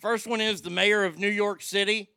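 Sick swearing radio guy ranting on the mic, dry close sound, pretty high voice. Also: fairly even intonation, moderate pace, smooth, no room sound. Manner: profane, ranting, shouting in outbursts. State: feeling sick after being up all night. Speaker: radio show host. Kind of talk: angry talk radio rant. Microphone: broadcast board mic.

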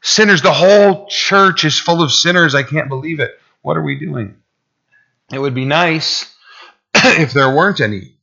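A man's voice: on the high side, unhurried, vocal fry, bright, forceful tone, lo-fi sound. A man preaching a sermon to his church, talking in a conversational way that climbs to emphatic peaks. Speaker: pastor.

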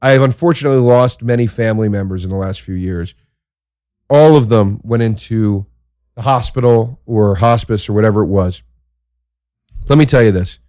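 A man who is a comedian hosting a show, telling a crude story in a casual monologue that swings into excited exaggeration. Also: mid-range voice, no echo, studio quality.

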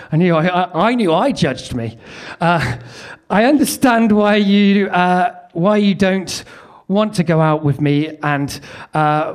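Male stand-up, higher-pitched, dry self-deprecating delivery. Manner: self-mocking, wry asides. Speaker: comedian. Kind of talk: stand-up reading his teenage love letter.

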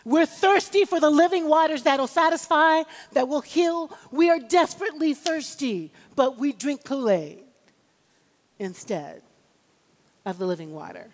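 An unhurried woman preacher with a high, animated voice delivers an emphatic, rhythmic sermon and calls on the congregation for amens. The recording carries the long reverb of a large hall.

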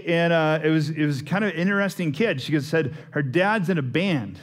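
A man's voice: a little high, a little fast. A man, preaching a sermon in a casual, storytelling way with asides to the congregation. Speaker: pastor.

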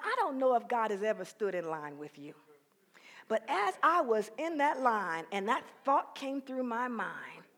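Woman, sermon, husky, slightly high voice, fervent storytelling. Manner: storytelling, building to fervent shouting. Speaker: conference speaker. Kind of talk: preaching sermon.

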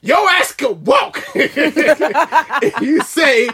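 A man's voice: extremely high pitch, sing-song, very slow, pushed and bright. A man co-hosting a casual banter podcast, emphatic and repeating himself, often breaking into laughter.

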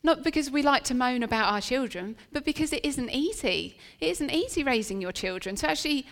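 A woman's voice: high-pitched, lively intonation, brisk. Woman preaching in a reverberant hall. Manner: earnest, chatty storytelling with restarts. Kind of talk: sermon. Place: church venue. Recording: long reverb of a church hall.

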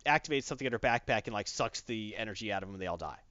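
A man co-hosting a podcast in casual chat, rambling and animated as he acts out quotes. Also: on the low side, very fast, dry recording, dull audio.

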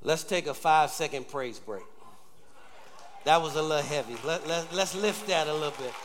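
A man's voice: a little high, normal speed, big-room sound, a faint crowd, a little hiss or hum. A male pastor preaching a sermon, calling on the congregation to answer back and say amen. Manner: call-and-response preaching, urging the congregation. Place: church sanctuary.

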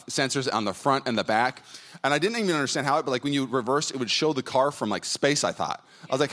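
Man, pastor, sermon, rapid conversational delivery, medium pitch, many fillers. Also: a bit bright. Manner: chatty, storytelling, many fillers and restarts. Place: church hall before a congregation.

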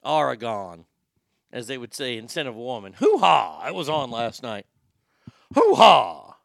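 In clean, echo-free studio sound, a male host delivers casual comedic news commentary, telling crude stories sarcastically and jokingly. He speaks at a quick pace in a mid-range, fairly bright voice.

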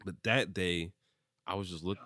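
A man's voice: low-pitched, fairly even intonation, normal speed, pushed and bright, no echo. A young man telling a rambling drunk story in casual chat, laughing often and filling with "like.".

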